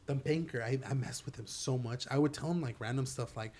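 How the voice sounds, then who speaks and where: A man's voice: mid-range voice, fairly quick, a little mellow. A young man telling stories in a casual chat with friends, stumbling and repeating words as he talks.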